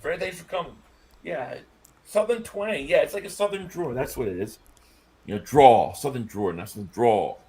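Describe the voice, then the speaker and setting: A man co-hosting a casual sports podcast, joking and animated, trailing off with fillers. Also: fairly high pitch, moderate pace. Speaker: podcast co-host.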